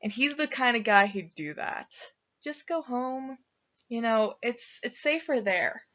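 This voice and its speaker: A woman's voice: a little high, expressive, measured pace, fairly bright tone. A woman voicing a young boy who gives blunt warnings in casual slang, as a storyteller's quoted character, recorded with a dull lo-fi sound. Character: streetwise young boy, blunt friendly advisor.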